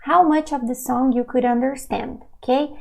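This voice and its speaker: A woman's voice: high voice, fairly even intonation, normal speed, creaky, dark tone. A woman teaching a language lesson, patiently explaining words and often checking in with "okay?".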